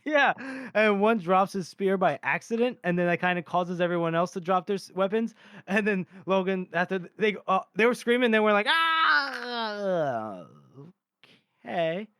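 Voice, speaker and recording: A man co-hosting a casual book podcast, telling the story in a loose, rambling way, full of laughs and the odd swear. His voice sits fairly high and sounds smooth and clean. The sound is close and dry, with no room around it. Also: brisk, a bit bright, no echo. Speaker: podcast co-host. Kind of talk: casual book-discussion chat.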